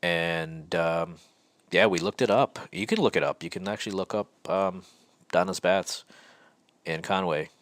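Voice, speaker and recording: Deep-voiced man telling a personal story. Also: expressive, a little slow, no room sound. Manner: reflective, hesitant, many fillers and restarts. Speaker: podcast host. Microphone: podcast mic.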